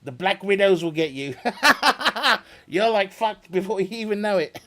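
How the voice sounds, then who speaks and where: A man's voice: sits high, expressive, unhurried, pushed and bright. A man chatting casually with viewers on a live stream, rambling, swearing freely and laughing often.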